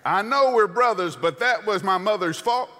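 A man's voice: high voice, normal speed, sharp tone, pitched above the performer's own voice. A man preaching, voicing a brother who sarcastically shifts blame onto his sibling. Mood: sarcastic. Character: male brother siding with an angry crowd. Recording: long hall reverb.

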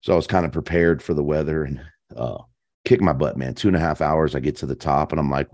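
A man telling hunting stories as a podcast guest in a casual, animated way, full of slang. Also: very deep voice, fast, no echo, studio quality. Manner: animated, slangy, peppers speech with "man" and "dude". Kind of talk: casual storytelling chat.

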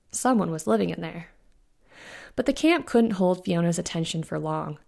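A woman, the author, reading her own fantasy novella aloud in an even, unhurried storytelling manner. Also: mid-range voice, vocal fry. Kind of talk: audiobook-style fiction narration.

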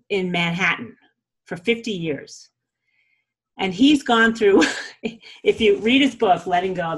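A woman's voice: mid-range voice, husky. A woman in a casual spiritual teaching talk, chatty, often laughing and saying "you know" and "like".

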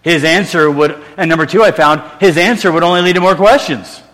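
In a church sanctuary, a middle-aged pastor with a brisk, somewhat high and bright voice preaches an earnest, conversational sermon. He restarts sentences and makes self-deprecating asides, and the long reverb of the large hall carries his words.

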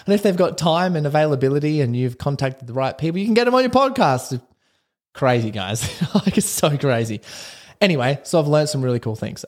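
Excitable rambling man podcasting. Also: mid-range voice. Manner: excitable and rambling, with frequent restarts and laughs. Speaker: podcast host and personal development coach. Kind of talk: casual solo podcast monologue.

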